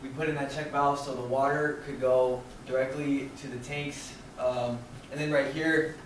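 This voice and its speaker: A man's voice: mid-range voice, moderate pace, a little hiss or hum. Young man talking in an echoey room. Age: young adult. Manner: relaxed, rambling, many fillers and restarts. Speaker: student presenter. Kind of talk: casual slideshow presentation. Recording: very echoey room, distant mic.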